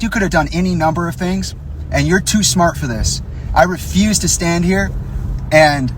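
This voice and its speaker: A man's voice: sits high, a little hiss or hum. A young man in an angry, profane direct-to-camera rant, confronting and accusing the people he addresses. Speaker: vlogger.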